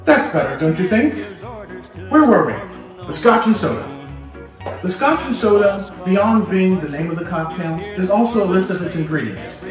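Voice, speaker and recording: A man hosting a history video, telling a story lively and speaking straight to the listener in a playful way. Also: high voice, moderate pace. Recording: very echoey room, distant mic, music behind.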